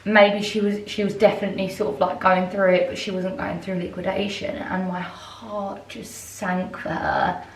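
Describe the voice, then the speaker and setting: A woman's voice: medium pitch, level tone, moderate pace, far from the mic, a little hiss or hum. A woman talks casually to her phone camera, rambling and filling gaps with "like". She is recording in a hotel room. The sound is roomy, and she is set back from the mic. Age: 20s. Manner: chatty, rambling, lots of "like". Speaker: vlogger and brand owner. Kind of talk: casual vlog chat.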